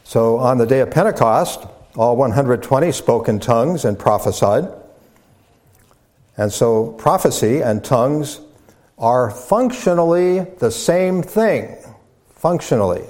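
A man in the pulpit giving a teaching sermon. He speaks at a measured pace, circling back and repeating words as he lays out each point, with the occasional filler between phrases. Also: medium pitch, animated, a little mellow. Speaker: pastor. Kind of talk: sermon lecture.

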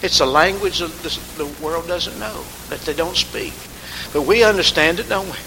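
A man's voice: a little high, moderate pace, creaky. A man preaching a sermon, rising to emphatic call-and-response and calling on congregation members by name. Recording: hissy recording in a reverberant hall.

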